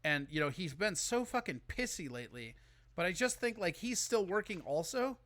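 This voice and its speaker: A man's voice: high-pitched, sing-song, moderate pace, a bit bright, no echo. A man from Minnesota hosting a live call-in show, rambling and swearing freely in casual chat. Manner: rambling, profane, ranting.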